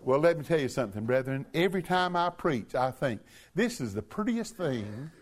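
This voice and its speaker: Older guy preaching in church, lively sing-song delivery, jumps up to big shouts. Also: a little high, normal speed. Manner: emphatic preaching with big swoops and shouted peaks. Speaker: pastor. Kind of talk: sermon.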